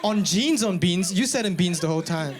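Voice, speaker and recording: A man performing a stand-up comedy set, animated and bursting into shouted punchlines. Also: sits high, fairly quick, a loud crowd. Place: comedy venue with a live audience.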